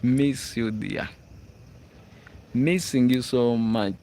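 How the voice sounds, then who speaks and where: Ugandan guy chatting live to his viewers, mid pitch, soft hiss behind. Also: very slow. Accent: Ugandan English. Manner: chatty, reads out viewer comments, frequent "hmm?" check-ins. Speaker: livestream host. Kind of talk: casual live chat. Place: school grounds at night, outdoors.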